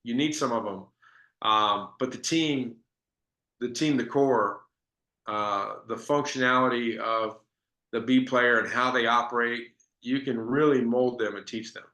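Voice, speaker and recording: Bright-voiced man telling sales stories. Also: medium pitch, fairly even intonation, a little slow, roomy sound. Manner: conversational storytelling with restarts. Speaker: sales trainer. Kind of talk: business training talk.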